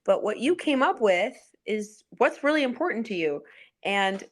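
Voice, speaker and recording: A woman's voice: mid-range voice, animated, moderate pace. A woman hosting as a life coach, talking in a reflective, encouraging way in casual conversation.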